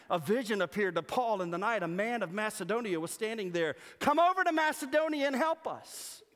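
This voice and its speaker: A man preaching a sermon as pastor, animated and humorous, mimicking voices to make his points. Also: high voice. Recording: long reverb of a church hall.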